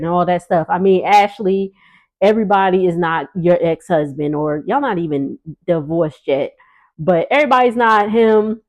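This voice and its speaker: A sassy woman vlogger chats casually through a reality TV recap from a sitting area by her kitchen at home, laughing often. Her medium-pitched voice is a little mellow with lively intonation at normal speed, though the recording is rough.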